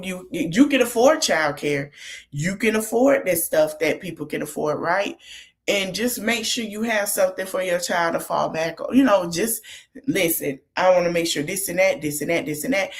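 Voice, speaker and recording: A woman hosts a podcast and recaps a reality show in easy, casual talk. She keeps stopping to give the cast frank, motherly advice, as if she were talking to them face to face. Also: on the low side. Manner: chatty, gives motherly advice straight to the cast.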